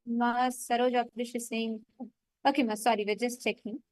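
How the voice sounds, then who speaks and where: A woman's voice: on the high side, level tone, moderate pace, a little mellow, no echo, low-quality recording. A woman facilitating a live online meditation session, retelling a story and stressing her points.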